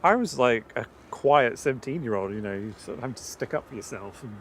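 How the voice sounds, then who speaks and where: A man's voice: medium pitch, lively intonation, fairly quick, slight background noise. Easygoing man rambling on a live stream. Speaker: plane spotting livestream co-host. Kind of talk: casual chat on a live stream. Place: outdoors at an airport.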